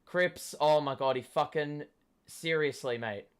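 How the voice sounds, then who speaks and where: A young man, hoarse from shouting, gives a live fan commentary of a football match, swearing and yelling at the play. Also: on the high side, a little slow. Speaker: watchalong host.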